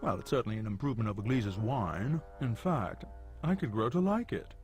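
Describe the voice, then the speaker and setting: A man's voice: mid-range voice, lively intonation, fairly quick, darkish tone, soft background music, close to an everyday voice. An actor playing a smug, pompous male art critic with a plummy, condescending drawl in a game.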